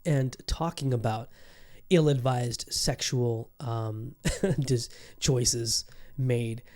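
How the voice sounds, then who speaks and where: Man, podcast host, casual monologue, warm dark tone, profane, rambling. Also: medium pitch, extremely slow. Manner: loose and profane, many fillers and restarts.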